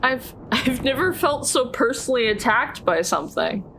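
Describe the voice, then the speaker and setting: A woman's voice: fairly high pitch, expressive, normal speed, creaky, bright, forceful tone, slight background noise. A woman co-hosting a let's play, teasing her partner and laughing along. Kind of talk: casual gameplay chat.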